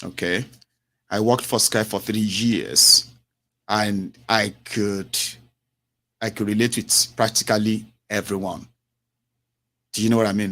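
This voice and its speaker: A middle-aged man hosting a radio call-in show, expansive and repetitive, tagging his points with "eh?" and "you know". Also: mid-range voice. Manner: expansive, repeats himself, tags lines with "eh?" and "you know". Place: home radio studio.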